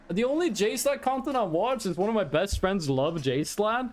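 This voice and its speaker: A man's voice: high voice, lively intonation, moderate pace, few pauses. A man from Norway with a Norwegian accent, chatting casually on a live stream, laughing, swearing and rambling as he reacts to clips.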